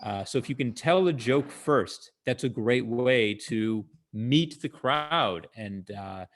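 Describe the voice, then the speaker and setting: A male comedian talking casually to an online audience over a video call, in a conversational way, explaining his jokes and using a lot of fillers. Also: on the low side.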